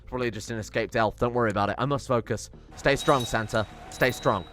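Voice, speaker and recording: A young man commenting on his strategy game, excitable and sweary, muttering to himself as he plays. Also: medium pitch, brisk, hardly any pauses, soft background music. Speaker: gaming channel host. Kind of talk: let's play commentary.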